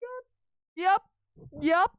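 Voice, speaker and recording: A woman's voice: very high voice, expressive, very slow, fairly bright tone, no echo. Rambling young woman streamer, dry sound. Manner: rambling, self-interrupting, dramatic retelling. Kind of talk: casual storytelling to a live chat.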